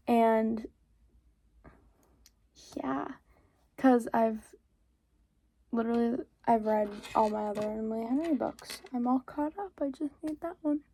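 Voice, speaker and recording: Teen girl vlogger, high gravelly voice, unhurried filler-laden chatter with whispered asides, porch phone recording. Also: mellow. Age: teens. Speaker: reading vlogger. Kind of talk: casual reading vlog chat. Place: home porch, outdoors.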